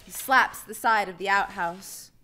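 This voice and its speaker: A woman reading her short story aloud in lively, expressive narration. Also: medium pitch, a little slow.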